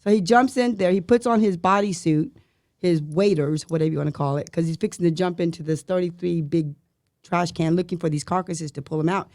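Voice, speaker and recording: A woman's voice: lowish voice, a little fast, no room sound, studio quality. A middle-aged woman, a guest on a podcast, telling a long anecdote and mimicking the sounds in it. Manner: lively storyteller who mimics sounds and voices. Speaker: guest, surviving spouse of an officer.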